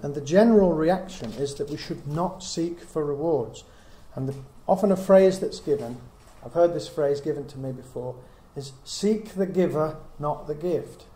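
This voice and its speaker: This middle-aged man's warm, higher voice keeps a moderate pace with few pauses as he gives an earnest Bible teaching to a small group. He thinks through ideas aloud using many rhetorical questions, in an echoing room with a soft hiss.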